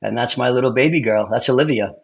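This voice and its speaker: A middle-aged man tells his stories in a loose, animated way. His voice sits in an ordinary middle pitch. He keeps checking in with his listener through casual asides. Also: fast talker, gravelly. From Brooklyn, New York. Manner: animated storyteller with many "you know what I mean" asides. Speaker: guest, retired police and fire officer. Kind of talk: casual storytelling chat.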